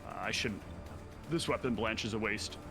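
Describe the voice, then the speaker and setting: A man playing a tabletop game, working out his party's moves out loud in halting bursts. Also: on the low side, over music. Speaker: player.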